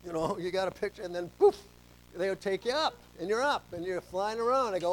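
A middle-aged man preaching a sermon as pastor, telling stories and swinging between soft asides and loud emphasis. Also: high voice, expressive, a little fast, slight background noise, low-quality recording.

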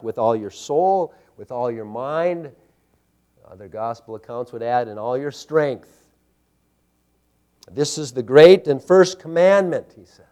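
A man's voice: mid-range voice, animated, measured pace, long pauses, mellow. A man preaching a sermon, emphatic and building with repeated phrases. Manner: emphatic preaching with rising intensity and repetition. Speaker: pastor.

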